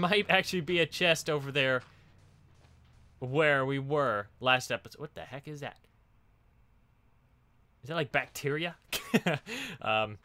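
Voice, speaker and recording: A man's voice: mid-range voice, bright, forceful tone. A man hosting a let's play, chatting casually and laughing often while he explores and digs. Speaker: gaming channel host.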